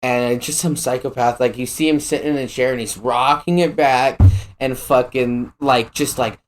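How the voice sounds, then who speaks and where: A man's voice: mid-range voice, fairly even intonation, normal speed. A man with a middle-range voice co-hosts a podcast. He talks in loose, profane, rambling stories. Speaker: podcast co-host. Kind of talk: casual chat.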